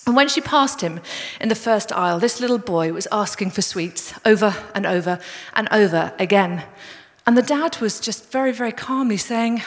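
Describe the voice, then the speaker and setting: A woman's voice: medium pitch, lively intonation, moderate pace. A woman preaching a sermon in a conversational, storytelling way. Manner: conversational, storytelling, addresses the congregation as guys. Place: large church hall. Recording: long reverb of a church hall.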